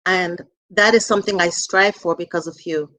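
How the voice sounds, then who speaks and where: A woman's voice: on the low side, fairly even intonation, moderate pace, sharp tone. A woman in her forties giving an earnest, emotional tribute speech to her mother at a book launch. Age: 40s. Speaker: author's daughter, speaker.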